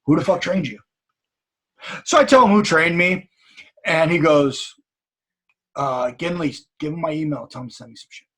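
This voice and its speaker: Husky man telling an animated story. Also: on the high side, moderate pace. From California. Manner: animated storyteller acting out other people's lines. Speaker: podcast guest. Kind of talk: casual storytelling.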